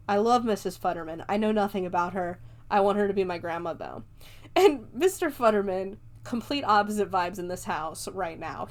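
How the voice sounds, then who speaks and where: A chatty woman hosts her own podcast, walking through a film scene by scene in loose, everyday talk. She laughs often and drops casual swears along the way, her pitch sitting in an ordinary middle range. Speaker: podcast host. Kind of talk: casual movie review chat.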